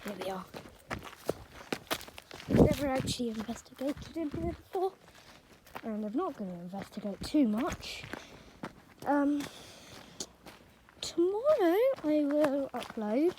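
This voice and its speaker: Chatty high-pitched woman rambling on a countryside walk, lots of outdoor noise behind. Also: sing-song, measured pace, long pauses. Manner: rambling, chatty, joking asides. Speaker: nature vlogger. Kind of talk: casual walking vlog narration. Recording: noisy outdoor recording. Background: rural outdoor noise, birds.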